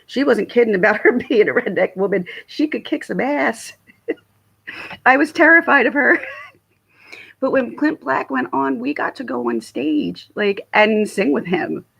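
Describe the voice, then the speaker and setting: A middle-aged woman with a Philadelphia accent talks to her viewers in a loose, rambling livestream chat. Her voice has a gravelly fry and a husky edge. She laughs a lot and often breaks off mid-sentence to start again. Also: medium pitch. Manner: chatty, laughs often, trails off and restarts. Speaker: livestream host. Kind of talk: casual livestream chat answering viewer comments. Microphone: phone or webcam livestream.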